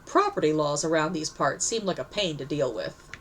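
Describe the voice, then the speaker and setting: A woman's voice: sits low, animated, normal speed, slight background noise, poor audio. A woman narrating a story aloud, reading expressively and correcting herself now and then. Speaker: story reader.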